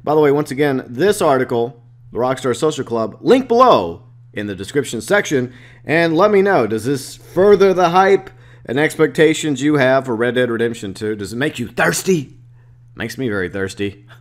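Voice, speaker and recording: A man who runs a gaming channel, reading out game previews and adding excitable, joking asides. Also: mid-range voice, moderate pace. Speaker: gaming YouTuber.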